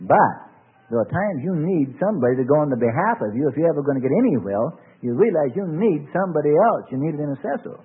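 Male preacher, sermon, husky voice, slightly high pitch, tinny phone-like sound. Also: animated, fast talker. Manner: rising and falling preaching cadence, repeated rhetorical questions. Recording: tinny phone-like old recording.

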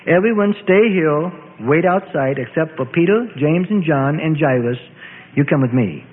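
A man voicing a calm, commanding spiritual teacher who speaks in solemn scriptural phrases. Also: fairly high pitch, moderate pace, a little hiss or hum, natural voice. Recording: tinny, echoey lo-fi radio audio.

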